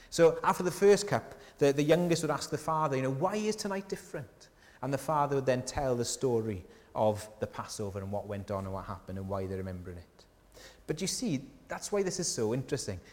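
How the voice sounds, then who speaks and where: With a slightly high voice, a pastor preaches in a church whose long hall reverb trails his words. He's earnest and conversational, often putting rhetorical questions to listeners and softening on key lines.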